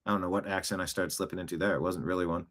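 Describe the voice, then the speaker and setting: A man's voice: low voice, fairly even intonation, rapid-fire, fairly bright tone, a little hiss or hum. Guy hosting his own show, riffing on the news, loose and rambling, lots of asides. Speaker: show host. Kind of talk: casual political commentary. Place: home studio, seated.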